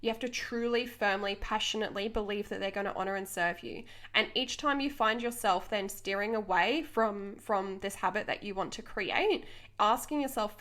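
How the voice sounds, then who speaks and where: A woman's voice: medium pitch, normal speed, fairly bright tone. A young woman hosting her own podcast as a coach, talking unscripted in an earnest, passionate way and laughing between thoughts. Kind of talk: unscripted motivational podcast monologue.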